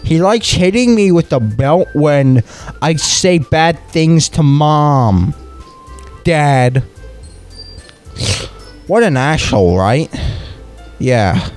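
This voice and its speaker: A young man playing an awkward comedic persona, reading a visual novel aloud in character with slurred, wet-mouthed speech, halting and stumbling over his words in a deadpan way. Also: fairly high pitch, faint music behind, rough recording. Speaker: comedic let's-play persona.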